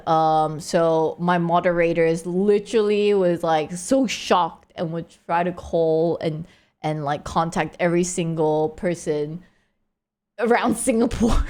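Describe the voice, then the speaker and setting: A woman's voice: on the low side, darkish tone. A woman streamer telling a story to her chat in a casual, rambling way, full of "like" and "right?". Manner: rambling, heavy use of "like" and "right?". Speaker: live streamer.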